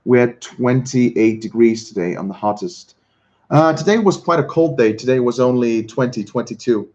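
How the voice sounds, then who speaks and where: A man from Switzerland, hosting a casual livestream and chatting with viewers in a halting way, often repeating words and chuckling. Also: medium pitch, animated, a little mellow, highs cut off. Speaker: livestream host. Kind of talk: casual chat reading viewer comments.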